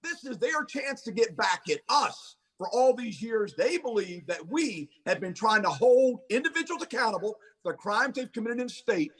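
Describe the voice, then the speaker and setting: A man speaks as a podcast guest, forceful and insistent. His voice sits high for a man and sounds husky. He is picked up from a little way off the microphone. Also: sing-song, moderate pace, hardly any pauses, recorded from a distance. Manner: forceful, emphatic repetition. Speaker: county sheriff, guest. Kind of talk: podcast interview.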